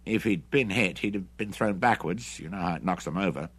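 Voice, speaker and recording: A man voicing a calm, cautious male officer who speaks quietly and measured. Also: low-pitched, husky.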